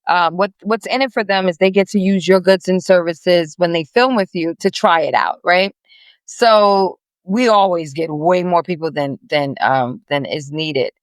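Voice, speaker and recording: A woman's voice: on the low side, unhurried, dry recording. Woman, podcast guest, casual chat, rambling, dry sound. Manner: chatty, warm, rambling with restarts. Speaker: podcast guest, business founder.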